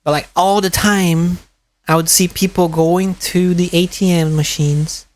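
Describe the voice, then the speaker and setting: A Brazilian streamer with a high-pitched voice reacts to a video, speaking unhurriedly in a steady tone. His casual chat is full of stories, frequent laughs, and swearing.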